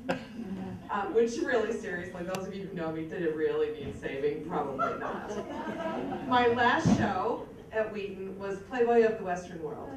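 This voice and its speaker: A woman's voice: medium pitch, lively intonation, measured pace, noisy background. A woman in her fifties giving a speech to an audience as an alumna, telling self-mocking stories with a wry edge. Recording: echoey hall, mic far off.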